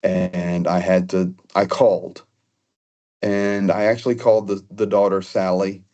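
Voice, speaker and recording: Male guest, low-pitched, casual earnest storyteller who restarts often. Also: little pitch movement, dark tone, highs cut off. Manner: earnest, halting with frequent restarts. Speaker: guest telling personal stories.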